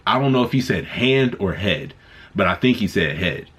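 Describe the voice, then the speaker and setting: A man giving a casual spoken movie review, excited and rambling, often restarting his sentences. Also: fairly low pitch, normal speed, slightly rough.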